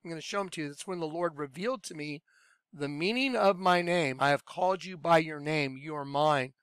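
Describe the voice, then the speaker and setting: Guy preaching off the cuff, rambly and worked up, smooth clear voice, dry close sound. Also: on the high side, brisk, no echo. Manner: rambling and excitable, with fillers and bursts of raised voice. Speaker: online preacher. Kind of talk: informal preaching monologue.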